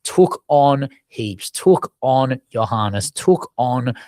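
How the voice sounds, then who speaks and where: A man co-hosting a casual sports podcast, animated and swearing for emphasis. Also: mid-range voice, very slow, no room sound. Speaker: podcast co-host.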